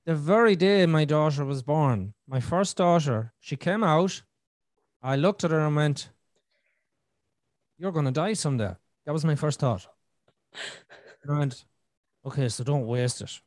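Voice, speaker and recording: A middle-aged man hosting a podcast in casual conversation, animated and talkative, repeating words and acting out his own thoughts. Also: on the high side, unhurried, pauses often, no room sound, clean studio sound. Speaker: podcast host.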